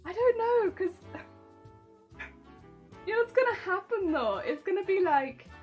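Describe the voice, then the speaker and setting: Soft music plays low as a high-voiced woman builds a cosplay prop on stream, giggling and reading out chat in a casual, chatty way. Her intonation is lively and swooping, her pace a little slow, and the audio sounds dull.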